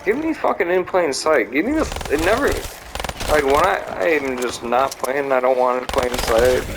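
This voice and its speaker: A man's voice: medium pitch, lively intonation, normal speed. A man giving casual, profane, rambling commentary while playing a video game, with lots of fillers. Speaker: gamer. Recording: clicking noise in background.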